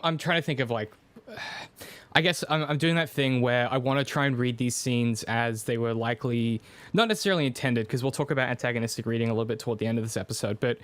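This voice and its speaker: A man's voice: medium pitch, fairly bright tone, dry recording. Guy analyzing a tv show, thinky and hesitant, kinda academic, dry close sound. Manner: thoughtful, hesitant restarts, academic phrasing. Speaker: podcast co-host. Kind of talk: analytical casual discussion.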